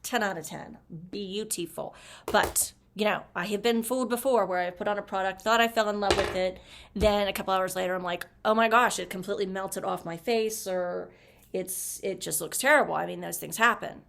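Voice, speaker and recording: A woman's voice: medium pitch, normal speed, vocal fry, fairly bright tone, a little hiss or hum. A woman chatting casually through a makeup review, gushing as she applies products. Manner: chatty, gushing, talks while applying makeup. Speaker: beauty vlogger.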